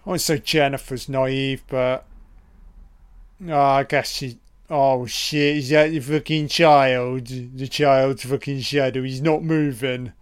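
A man talks through a film in a slow, unhurried drawl, dropping swear words into his running reactions. His voice comes across smooth and clean. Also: medium pitch, flat delivery. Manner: profane, reactive running remarks. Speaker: film commentator. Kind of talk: casual audio commentary.

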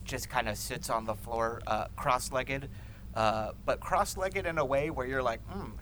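A man playing a tabletop game, speaking haltingly with many uhs. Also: mid-range voice, fairly bright tone, a little hiss or hum. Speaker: player.

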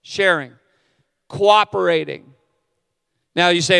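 A man's voice: high-pitched, animated, a little slow, creaky, long pauses, sharp tone, smooth, clean studio sound. A middle-aged man preaching a sermon as a pastor, candid and self-deprecating in his asides. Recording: long hall reverb.

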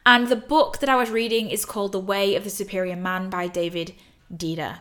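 A woman's voice: mid-range voice, steady tone, a little fast, a bit bright. A young woman hosting a casual solo podcast, talking earnestly and with emphasis, swearing now and then. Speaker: podcast host.

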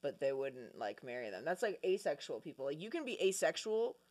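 A woman co-hosting a podcast in casual comedic chat, dropping quick deadpan quips. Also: low-pitched. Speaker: podcast co-host.

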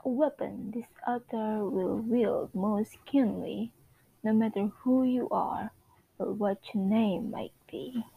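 A woman voicing a grand, gossiping society columnist in a put-on British accent, reciting slowly and theatrically. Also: mid-range voice, creaky, breathy edge, phone-quality sound, full character voice. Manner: slow, stately, theatrical recital. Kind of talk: amateur dramatic reading.

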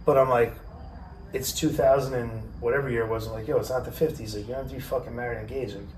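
A man spins a crude, lively story on a podcast and slips into voices for the people in it. He sits back from the mic in a roomy space. A faint hiss runs under his voice. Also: mid-range voice, rapid-fire, distant mic. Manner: profane, animated storyteller who acts out quotes. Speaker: podcast host. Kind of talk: casual storytelling.

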